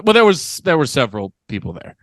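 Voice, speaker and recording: A man's voice: a little high, huge pitch swings, quick pace, a bit bright, dry recording. A man co-hosting a comedy podcast, joking in a dry, mock-serious, riffing way. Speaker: podcast co-host. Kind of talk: casual comedy chat.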